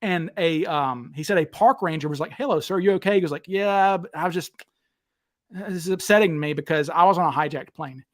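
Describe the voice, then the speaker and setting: A man with a high voice hosts a relaxed talk show. He tells stories eagerly and jumps into other people's voices when he quotes them. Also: a little fast. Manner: animated, acts out quotes with raised voice. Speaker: podcast host. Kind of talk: casual storytelling chat.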